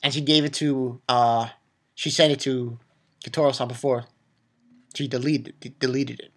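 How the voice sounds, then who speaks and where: A man giving a casual, rambling recap of an anime episode, excitable and quick to swear and laugh. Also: mid-range voice. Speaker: anime reviewer.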